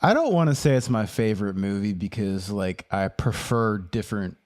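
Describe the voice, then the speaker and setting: A man's voice: on the low side, animated, normal speed, a little mellow. A man co-hosting a casual podcast chat, rambling loosely and searching for his words. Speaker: podcast co-host.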